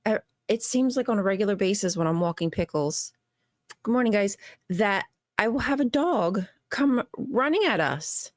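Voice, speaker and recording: A woman who is a guest on a talk show, telling a story in an animated, exasperated way with frequent laughs. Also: medium pitch, moderate pace, no room sound, clean studio sound. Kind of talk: casual chat.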